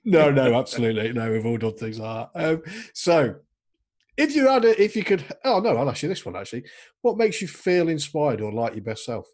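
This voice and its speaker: A middle-aged man hosting a casual interview, talking in a relaxed, hesitant way with many fillers. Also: mid-range voice, fairly quick. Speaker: host.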